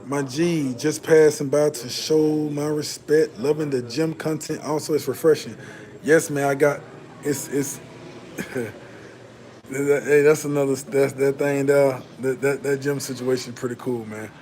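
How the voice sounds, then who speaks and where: On a casual livestream, a Southern American host works through viewer chat in a laid-back, swearing style, repeating and restarting as he goes. He speaks at a measured pace in a mid-range, slightly mellow voice with fairly even intonation, over a little hiss or hum.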